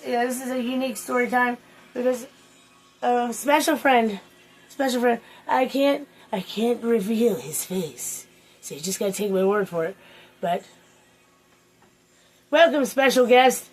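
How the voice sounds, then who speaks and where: A woman hosting a casual story time, rambling along with crude language and loose asides among her friends. Her voice sits a touch high. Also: a little slow, pauses often, faint music behind, low-quality recording. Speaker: host.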